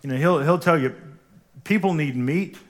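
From the sanctuary, a man preaches a sermon at normal speed, his voice on the high side. He's emphatic and keeps asking the congregation to say things back to him.

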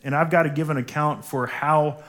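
A man's voice: fairly high pitch, fairly even intonation, normal speed, a bit bright. A man, a pastor preaching a sermon in a church and calling on the congregation to repeat after him. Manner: emphatic preaching, calls for congregation responses. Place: church sanctuary.

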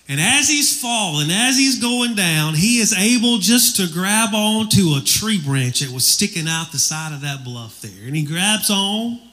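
A man's voice: fairly high pitch, fairly bright tone. A middle-aged man preaching a sermon as pastor, telling a folksy story with fillers.

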